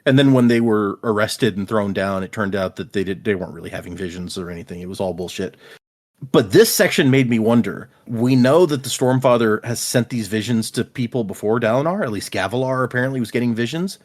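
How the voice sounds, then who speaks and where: A man's voice: fairly low pitch, a little fast. A man co-hosting a casual book discussion podcast, animatedly retelling scenes and paraphrasing characters. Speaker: podcast co-host.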